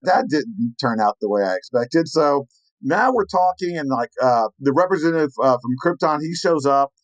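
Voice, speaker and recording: A man recounts a story with lively energy, slipping into the voices of the people he quotes. His voice sits a bit high for a man. The sound is dry and close, with no room echo. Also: moderate pace. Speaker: penetration tester telling a story. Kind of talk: animated storytelling.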